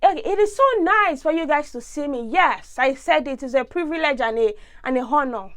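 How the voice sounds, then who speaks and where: A woman's voice: high-pitched, brisk. A young woman from Nigeria with a Nigerian accent, talking expressively in a casual vlog monologue. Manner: expressive, ranting, big swings in tone. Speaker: vlogger.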